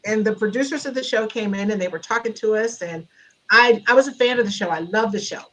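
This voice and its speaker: A middle-aged woman guest speaker telling a personal story over a video call, animated and laughing as she gets louder. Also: medium pitch, fast, low-quality recording. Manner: animated, grows loud and laughing in retelling. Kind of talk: storytelling in a conversation.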